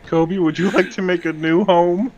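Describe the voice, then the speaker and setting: A man's voice: high voice, fairly even intonation, normal speed, background noise. A man playing a tabletop game with a teasing manner who laughs often. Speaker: player. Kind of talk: casual tabletop play.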